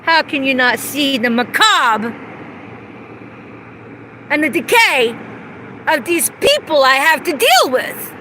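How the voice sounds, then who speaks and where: A woman's voice: sits high, very animated, slow, pauses often, bright, forceful tone, slight background noise. A woman ranting angrily and profanely outdoors, delivering an accusatory vlog monologue. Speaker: vlogger.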